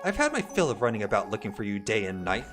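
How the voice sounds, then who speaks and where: A man voicing a stern, sharp-tongued young woman who scolds and threatens, read from game dialogue. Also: on the low side, huge pitch swings, quick pace, over music. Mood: scolding. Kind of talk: reading game dialogue aloud.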